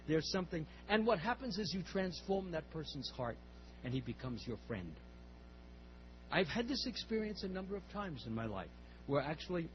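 An older man speaking at a temple class, telling a story in a rambling way with repeated words and restarts. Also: a little high. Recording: slightly muffled, faint hum.

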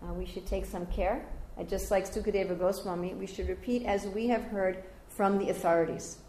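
An older woman giving a devotional scripture class, telling stories lively and raising her voice high whenever she quotes others. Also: normal speed, a little hiss or hum. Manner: animated storyteller, jumping high when quoting others. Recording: roomy echoey room.

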